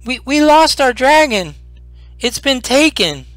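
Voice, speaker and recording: A high, stammering little kobold. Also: male voice, very animated, slow pace, fairly bright tone, no echo, soft background music, full character voice. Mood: pleading. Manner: stammering and pleading. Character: small, tearful, frightened male kobold.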